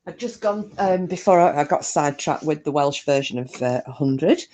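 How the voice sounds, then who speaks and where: Low-voiced giggly Australian woman streamer. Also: lively intonation, normal speed, mellow, slight background noise. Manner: giggly and chatty, answering viewers by name. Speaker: live-stream host. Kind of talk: casual live-stream chat with viewers.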